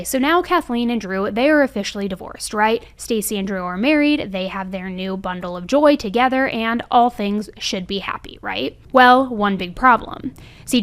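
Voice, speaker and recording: A young woman narrating a true crime case in a chatty, conversational way, often checking in with "right?" and "I mean". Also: medium pitch.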